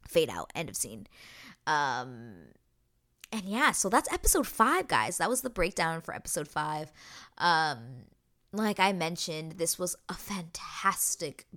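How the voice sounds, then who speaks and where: A woman's voice: deep voice, big pitch swings, a little slow, sharp tone. A woman hosting a podcast, recapping a show episode in an emotional, gushing, rambling way full of fillers. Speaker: podcast host. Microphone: podcast microphone.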